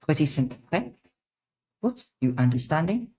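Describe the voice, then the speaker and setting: A woman streamer voicing a menacing female villain who threatens slowly and teasingly. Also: low-pitched, big pitch swings, dark tone. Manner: slow, taunting, intimidating.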